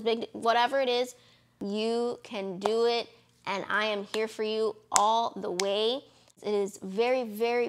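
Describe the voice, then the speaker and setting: A woman's voice: a little high, a bit bright, slight background noise. A young woman from Florida, a lash business owner, talking casually and encouragingly to camera with lots of fillers. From Florida, USA. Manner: chatty, encouraging, many fillers.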